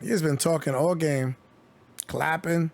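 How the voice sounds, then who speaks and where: A man with a slightly high, creaky voice does unhurried live play-by-play of a basketball game on his stream. Between calls he chats casually and cracks jokes.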